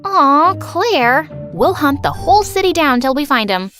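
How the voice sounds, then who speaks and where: A woman's voice: sits high, very animated, unhurried, a bit bright, faint music behind, voice pushed up, heavily acted. Woman doing a chirpy teen best friend. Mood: eager. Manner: eager and chirpy. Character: bubbly, loyal teenage girl best friend.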